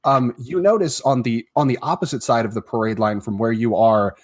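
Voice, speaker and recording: A man's voice: medium pitch, fairly quick. Male game master narrating a tabletop game, hesitant, full of fillers. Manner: hesitant, many fillers and restarts.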